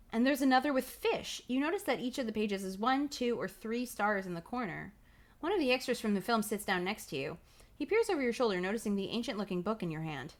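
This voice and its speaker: Woman streamer, reading a gamebook aloud, playful, swearing, bright animated voice. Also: medium pitch. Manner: playful, laughs often, swears casually. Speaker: livestream host reading a gamebook. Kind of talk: reading aloud with live commentary.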